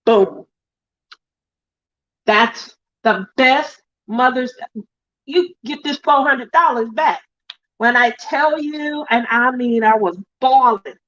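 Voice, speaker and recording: A woman's voice: high voice, slow pace, pauses often, a bit bright, muffled recording. A middle-aged woman hosting a crafting livestream, telling a heartfelt family story in a chatty, emotional way. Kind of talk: casual chat reading viewer comments.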